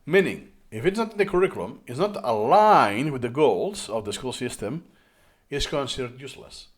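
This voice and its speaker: A man in his own video commentary, speaking as an educator with a mid-range voice. His intonation rises and falls in lively swings. He is emphatic and often backs up to rephrase mid-sentence. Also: medium pitch, moderate pace. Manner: animated, emphatic, restarts phrases. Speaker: educator and tutor. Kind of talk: talking-head commentary on learning.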